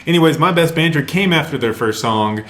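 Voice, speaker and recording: A man's voice: on the high side, animated, a little fast, a bit bright, echoey room. A man with a Southern US accent co-hosting a casual music review, enthusiastic and jokey. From Nashville, Tennessee. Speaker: podcast co-host.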